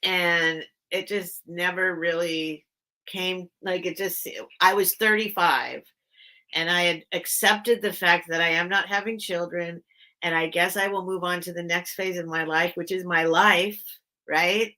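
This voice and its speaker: A woman's voice: lowish voice, steady tone, measured pace, pushed and bright. A middle-aged woman hosting a live online sale, chatting in a rambling way and greeting viewers by name. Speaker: host of a live vintage sale. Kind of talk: rambling live-stream chat.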